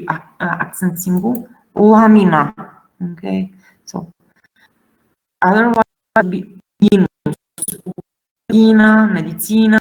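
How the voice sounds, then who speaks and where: A woman teaching a Latin pronunciation class, speaking slowly with frequent hesitations and fillers. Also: mid-range voice, low-quality recording. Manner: slow, halting, many fillers. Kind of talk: classroom lecture.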